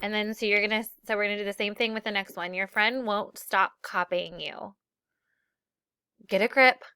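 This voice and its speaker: A woman's voice: mid-range voice, flat delivery, brisk, bright, forceful tone, clear, resonant tone, dry recording, clean studio sound. A woman teacher leading a classroom lesson for children, upbeat and acting out example phrases.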